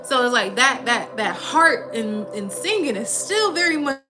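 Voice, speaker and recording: A young woman from Minnesota, hosting a casual livestream and telling a story in an animated, slangy way with bursts of laughter. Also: on the high side, measured pace. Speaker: livestream host. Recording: music playing behind.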